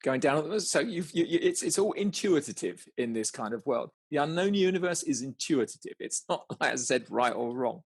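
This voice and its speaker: A man's voice: fairly high pitch, lively intonation, moderate pace, hardly any pauses, breathy edge, dry recording. A man guiding a listener through an exercise in casual conversation, stumbling over words, restarting often and laughing as he goes.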